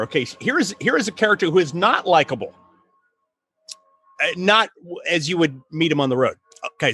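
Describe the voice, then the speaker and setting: A middle-aged man hosting a casual chat on writing, telling stories in an animated way with laughs and many restarts. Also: high-pitched, slightly rough. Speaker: podcast host, writing coach.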